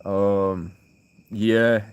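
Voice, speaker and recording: A man from the United States chatting on a late-night livestream, rambling through stories and reading out his chat, with loud bursts of laughter. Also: lowish voice, steady tone, drawn-out words, clear, resonant tone, no echo.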